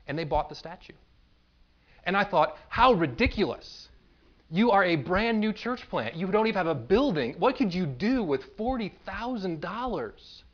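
Emphatic preaching man, dull recording. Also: on the high side. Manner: emphatic, building lists to a peak, with self-deprecating humor. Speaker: pastor. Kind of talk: sermon.

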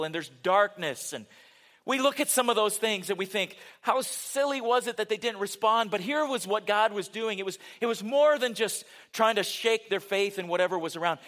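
An older man delivers a sermon in an earnest, conversational way. His voice sits high for a man, and he often drops to a soft, low-volume delivery to drive points home. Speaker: pastor.

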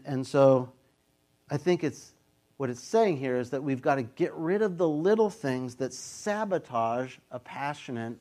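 A middle-aged pastor preaching in an easy, talky style. He is a man in his fifties with a voice of average pitch, and he now and then slips into the voices of the people he quotes. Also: darkish tone. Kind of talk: sermon.

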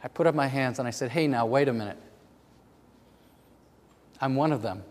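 A man preaching a sermon in a church, moving between loud, fervent passages and hushed near-whispers. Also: medium pitch, normal speed. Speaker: pastor. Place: church sanctuary. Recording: long hall reverb.

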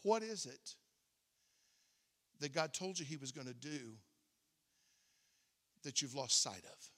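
A man's voice: a little high, animated, takes it slowly, bright, forceful tone. A man preaching a storytelling sermon in a conversational way, often repeating words as he starts a thought. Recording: echoey hall reverb.

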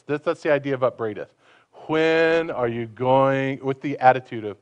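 A man's voice: fairly high pitch, expressive, moderate pace, dull audio. A man preaching a conversational sermon, asking his listeners questions and acting out the voices he quotes.

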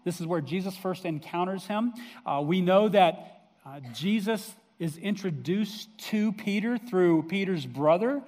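A man's voice: sits high, expressive, a little slow, a little mellow. A man preaching a sermon in a conversational storytelling way, with fillers. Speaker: pastor. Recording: long reverb of a hall.

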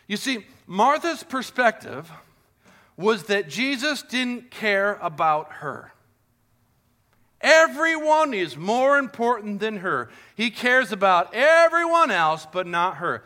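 High, bright-voiced preacher. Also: male voice, big pitch swings, slow. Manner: earnest, rhetorical questions, shifts between loud and hushed. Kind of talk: sermon.

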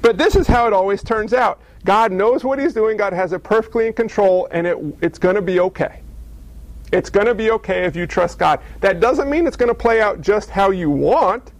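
A man's voice: high voice, normal speed. A man preaching a sermon in a conversational, self-deprecating way, with playful asides to his congregation. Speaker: pastor.

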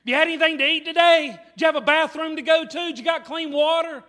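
A preacher delivers an emphatic, repetitive revival sermon in a very high, bright, forceful voice. His words ring out with the long reverb of a church hall, and soft music plays faintly underneath. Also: steady tone, fast. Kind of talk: revival sermon with altar call. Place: church sanctuary.

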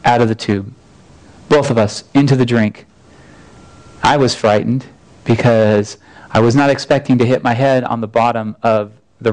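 A man in his thirties tells a personal story from the pulpit with an earnest, folksy manner. He often restarts his phrases, and his voice stays smooth and clear throughout. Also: medium pitch, rough recording. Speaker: pastor. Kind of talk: conversational sermon storytelling.

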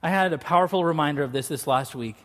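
A man's voice: a little high, quick pace, fairly bright tone. A man preaching a sermon as a pastor, in a joking, conversational storytelling way, in a church sanctuary. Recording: reverberant church hall.

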